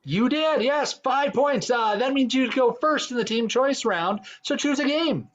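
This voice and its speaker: A man's voice: extremely high pitch, measured pace, a bit bright, dull audio. A man hosting an online improv game show over a video call, teasing and hesitant with many ums.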